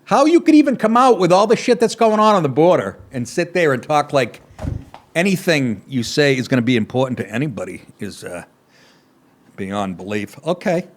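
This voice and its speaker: A man's voice: fairly high pitch, expressive, moderate pace. A man hosting a talk show, ranting sarcastically and crudely over political clips.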